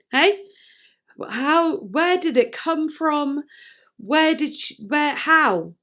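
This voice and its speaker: A young woman hosting a music reaction video, talking casually and candidly, swearing freely and thinking out loud with plenty of fillers. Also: sits high, lively intonation, extremely slow.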